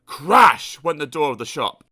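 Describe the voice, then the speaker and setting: A man's voice: a little high, sing-song, measured pace, bright, forceful tone, breathy edge. A man narrating a children's storybook aloud with playful asides to the listener. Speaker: audiobook narrator.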